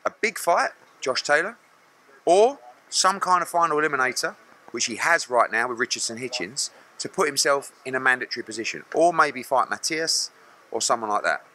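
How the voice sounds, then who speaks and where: A man's voice: medium pitch, animated, normal speed, sharp tone. A middle-aged man, a boxing promoter answering press questions bluntly and acting out other people's lines.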